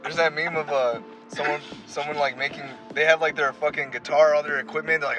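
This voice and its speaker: A man's voice: a little high, a little fast, over music, low-quality recording. A man co-hosting a podcast in casual chat, telling stories animatedly and swearing casually. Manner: animated storyteller, laughs easily, swears casually. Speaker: podcast co-host.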